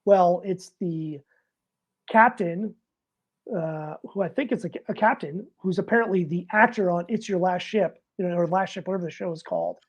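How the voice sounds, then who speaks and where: Swearing, animated retired Navy man. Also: high voice, moderate pace. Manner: animated, swears freely, acts out quotes. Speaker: retired Navy master chief. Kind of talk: casual storytelling.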